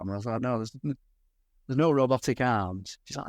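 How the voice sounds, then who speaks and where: A man's voice: medium pitch, moderate pace, no echo. A middle-aged man with a Cornish accent, a podcast guest candidly recounting events, often restarting sentences and quoting others. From England. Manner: candid, frequent restarts and quoted dialogue. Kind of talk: conversational storytelling.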